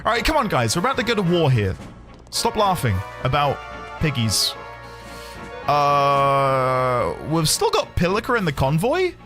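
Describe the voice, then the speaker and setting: Pitched on the high side, this man's voice swoops wildly while his pace stays measured, and music runs in the background. He's streaming a video game, joking around and laughing in bursts as he gives casual let's-play commentary.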